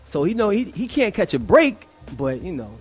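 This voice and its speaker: A man's voice: high-pitched, sing-song, moderate pace, soft background music. A man in a casual radio chat, defending his point in loose street talk.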